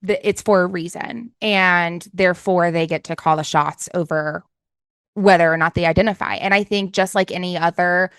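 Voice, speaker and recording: A woman's voice: on the low side, steady tone, normal speed, a bit bright, clear, resonant tone, no echo, clean studio sound. A woman with an Appalachian accent hosting a casual podcast interview, talking things through thoughtfully. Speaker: podcast host.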